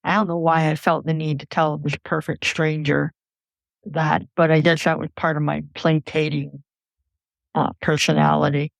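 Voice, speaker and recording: A woman recounting a personal story in an earnest, measured way for a podcast. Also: low voice, level tone, creaky, no echo. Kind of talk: personal story told into a mic.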